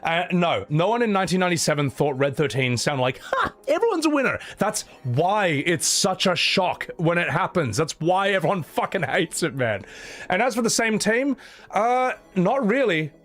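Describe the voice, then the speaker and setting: A man's voice: fairly high pitch, moderate pace. A man chatting casually on a live stream, reading out viewer messages and answering them with sarcastic, swearing rants. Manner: animated, sarcastic, swears, says "man" a lot. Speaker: streamer reading super chats.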